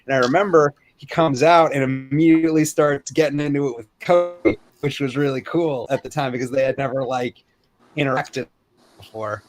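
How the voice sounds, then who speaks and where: A man co-hosting a podcast, talking in a relaxed, casual way, full of "like" and hedges. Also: mid-range voice, normal speed, soft background music. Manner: relaxed, lots of likes and hedges. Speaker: podcast co-host. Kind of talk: casual chat.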